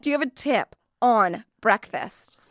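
A woman co-hosting a podcast in casual chat, playful and quick to tease, giggling often. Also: on the high side, lively intonation, a bit bright, no room sound, clean studio sound. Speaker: podcast co-host.

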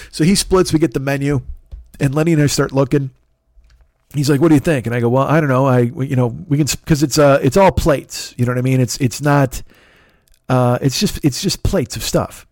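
A man hosting a podcast, telling a long, animated, profane story in a casual way and acting out the back-and-forth dialogue. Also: medium pitch, fairly quick, dry recording, studio quality. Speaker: podcast host.

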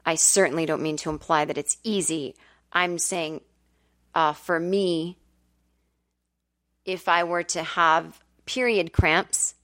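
A woman hosting a comedy podcast, telling a candid personal story at home and swearing freely. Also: a bit bright. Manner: candid, chatty, swears freely, acts out quotes in a high whiny voice. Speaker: podcast host. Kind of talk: casual storytelling monologue. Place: temporary home in Brooklyn.

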